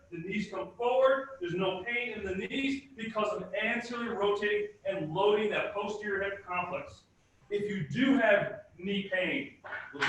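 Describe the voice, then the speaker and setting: A man's voice: high voice, fairly bright tone, slight background noise. Emphatic man lecturing in an echoey room. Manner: emphatic, teaching with rhetorical questions. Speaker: presenter at a fitness conference. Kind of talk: live workshop lecture.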